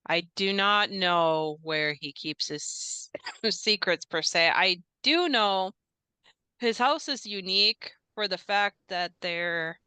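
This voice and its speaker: A woman's voice: medium pitch, slow pace, sharp tone, clean tone, dry recording. A woman voicing a polite, nervous male house staffer who talks hesitantly with many fillers. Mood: chatty.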